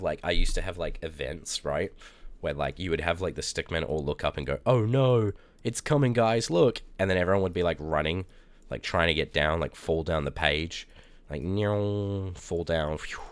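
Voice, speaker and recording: A young man streaming live, chatting casually with viewers, telling rambling stories and bursting out in loud, cursing reactions. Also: low voice. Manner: animated, with loud cursing outbursts and rambling anecdotes. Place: indoors at a streaming setup.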